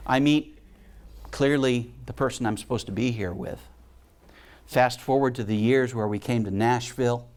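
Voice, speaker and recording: A man giving a heartfelt storytelling talk to a spiritual community, acting out the voices of people in his stories. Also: mid-range voice. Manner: animated storyteller, acts out voices. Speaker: guest speaker and musician.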